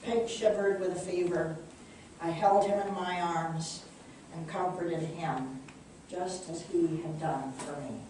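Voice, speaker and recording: Mellow woman reading a storybook aloud. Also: fairly low pitch, steady tone, slow pace, a little hiss or hum. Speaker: author reading her book. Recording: echoey room, distant mic.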